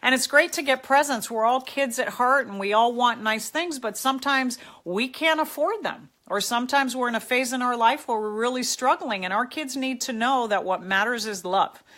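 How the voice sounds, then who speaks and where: A woman's voice: fairly high pitch, normal speed, hardly any pauses, a bit bright. A middle-aged woman hosting a live chat, answering viewers' comments in a heartfelt, emotional and encouraging way. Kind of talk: live casual talk, reading out comments.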